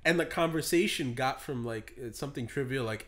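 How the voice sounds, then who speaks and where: A man's voice: mid-range voice, fairly quick. A young man, co-hosting a casual podcast, rambling and swearing as he searches for words. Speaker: podcast co-host. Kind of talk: casual chat.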